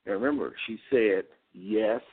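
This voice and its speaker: A man's voice: on the low side, normal speed, vocal fry, breathy edge. A man hosting a show, telling a rambling story in a folksy way and talking straight to his listeners. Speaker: host. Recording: phone-line sound.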